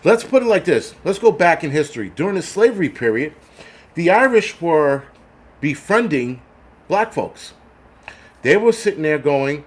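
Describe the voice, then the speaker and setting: Hosting a livestream, a man thanks viewers for donations in an animated voice that sits on the high side, at a moderate pace. His delivery is blunt and heavily profane, full of repeated restarts.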